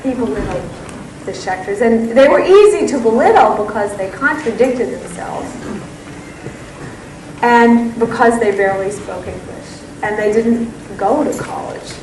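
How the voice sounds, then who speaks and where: A woman's voice: fairly high pitch, a little slow, far from the mic, slight background noise. A woman author giving a lecture and answering questions, telling stories with enthusiasm. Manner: enthusiastic, animated storytelling. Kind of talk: public talk and Q and A. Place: lecture room. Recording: echoey hall, voice from afar.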